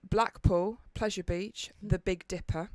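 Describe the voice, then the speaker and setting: A woman's voice: mid-range voice, a little slow, dry recording. A woman in her thirties with a Northern English accent, telling a dramatic story in casual podcast chat. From England. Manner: animated, dramatic retelling with acted quotes. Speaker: podcast co-host. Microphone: studio mic.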